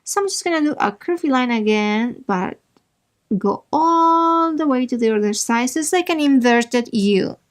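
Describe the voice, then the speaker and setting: Slow, chatty woman teaching drawing. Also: on the high side. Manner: chatty and relaxed, talks to herself while drawing, playful asides. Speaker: drawing tutorial host. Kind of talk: casual drawing instruction.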